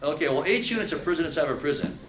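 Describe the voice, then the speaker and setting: An animated man tells stories to a live audience, his pitch swinging widely as he acts out threats. He sounds a little far from the microphone in an echoey room. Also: very fast, a little hiss or hum. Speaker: speaker. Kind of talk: motivational talk to an audience.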